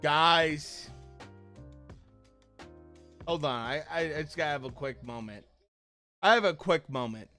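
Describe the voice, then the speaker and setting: A fired-up young man reacting live on a stream, swearing a lot as he shouts out bursts and then trails off into low mutters. His voice sits a little high and he talks slowly and heavily. Faint music plays behind him. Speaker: streamer reacting to a boxing fight.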